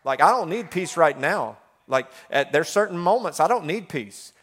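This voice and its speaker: A middle-aged man preaching a sermon in a chatty style full of fillers, swinging between loud passages and hushed ones. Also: on the high side, lively intonation, normal speed.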